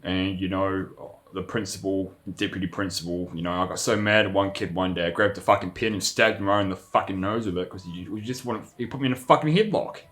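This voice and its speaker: A man's voice: low voice, a little fast, fairly bright tone. A young man, rambling through a profane, casual vlog monologue full of restarts. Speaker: vlogger.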